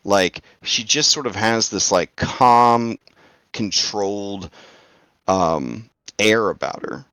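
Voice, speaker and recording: A young man runs a tabletop game over a call, speaking slowly and unhurriedly. His voice sits low and comes through dry and close, with faint music underneath. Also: clear, resonant tone, no echo. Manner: slow, relaxed, thinking aloud with many fillers. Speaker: game master.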